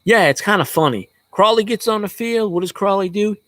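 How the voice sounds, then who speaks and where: A man's voice: high-pitched, animated, a little fast, pushed and bright, no room sound. Profane, rambling man ranting casually. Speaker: sports fan vlogger.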